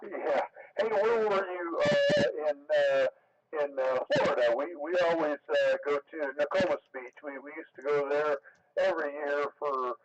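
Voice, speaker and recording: A man chatting casually on a ham radio net, halting often with fillers. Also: a little high, animated, very noisy. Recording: muffled radio audio.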